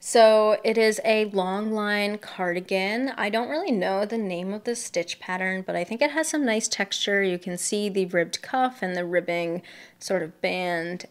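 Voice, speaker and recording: Young woman, mild Massachusetts accent, easygoing host chatting through her crafts. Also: medium pitch. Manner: chatty, laughs lightly, thinks aloud while showing work. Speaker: knitting podcast host. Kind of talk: casual show-and-tell chat.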